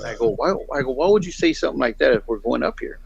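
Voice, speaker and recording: Speaking quickly in a creaky mid-range voice over crowd noise, a middle-aged guest storyteller delivers a long, meandering anecdote. He's animated and performs the other people's voices, and the audio is dull lo-fi.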